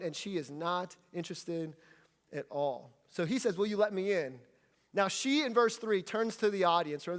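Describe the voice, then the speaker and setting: A male pastor delivers a sermon with a fairly high voice, slipping into playful acted-out dialogue as he tells a story. His words ring out with a long reverb tail from a large church hall. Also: a bit bright.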